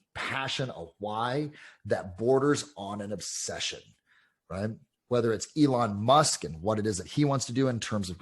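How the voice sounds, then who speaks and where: A man, a real estate coach, telling casual, animated stories in an interview, full of fillers. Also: lowish voice, slightly rough. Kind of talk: interview storytelling.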